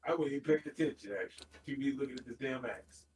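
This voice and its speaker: A man with a medium-pitched voice talks very fast over a little hiss or hum. He's streaming a game and chatting casually with friends, teasing them and swearing a lot in an animated, profane way.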